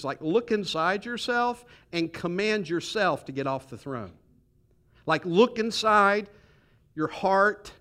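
A middle-aged man, a pastor, preaching a sermon in a church with lively, conversational delivery, joking and asking the congregation questions. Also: on the high side. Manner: animated, conversational preaching with humor and rhetorical questions. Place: church sanctuary.

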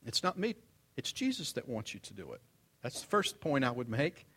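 With a mid-range, slightly rough voice at a moderate pace, an older pastor delivers a lively, conversational sermon. He blends funny anecdotes with scripture and shifts between loud, emphatic moments and soft asides.

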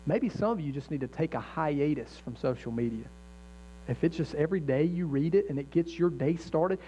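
A middle-aged pastor preaches a sermon, earnest and conversational, mixing in jokes and acted-out inner voices. His voice is on the high side with a dark tone, and the lo-fi recording sounds dull with faint mains hum.

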